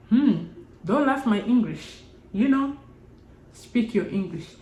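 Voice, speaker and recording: A woman's voice: fairly high pitch, animated, slow, pauses often, mellow. A woman vlogger, a Kinyarwanda speaker, giving casual encouraging talk with short repeated urgings. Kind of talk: casual motivational talk to camera. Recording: roomy echo.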